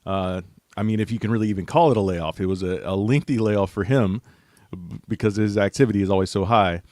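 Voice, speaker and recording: A man with a fairly low voice gives easygoing, measured analysis. He hedges often, and the audio is dry and close. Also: darkish tone, no room sound. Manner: thoughtful, hedging with fillers. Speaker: panelist, writer. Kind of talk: casual sports analysis.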